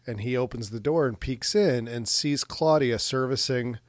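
A man's voice: medium pitch, moderate pace, no room sound, studio quality. A man co-hosting a podcast, casually recapping a movie with crude jokes and frequent laughter. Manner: laughs often, animated retelling with crude jokes. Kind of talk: casual chat.

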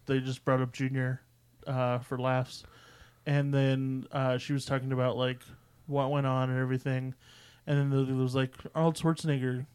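A man's voice: medium pitch, little pitch movement, normal speed, a little mellow, smooth. A man co-hosting a podcast, chatting about a film in a laid-back, blunt and profane way. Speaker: podcast co-host. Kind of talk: casual movie discussion.

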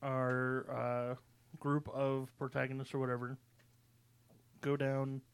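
A man's voice: mid-range voice, monotone, slow pace, clean tone. A man co-hosting a casual movie podcast, laid-back and dry, with plenty of fillers. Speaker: podcast co-host. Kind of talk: casual movie review chat.

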